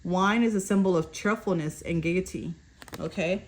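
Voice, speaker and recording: A tarot reader with a fairly low-pitched voice speaks at a normal speed over a faint hiss or hum. She reads card meanings aloud for a collective fortune reading, stumbling over words now and then. She keeps checking in with viewers by repeating "okay?"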